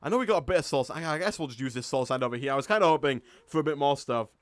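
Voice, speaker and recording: A man with a Yorkshire accent, his voice sitting a little higher than most men's, gives chatty live-stream commentary over a game. He thinks aloud and laughs often. The recording is dry and close, with almost no room sound. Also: racing, no echo. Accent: Yorkshire English. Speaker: gaming streamer.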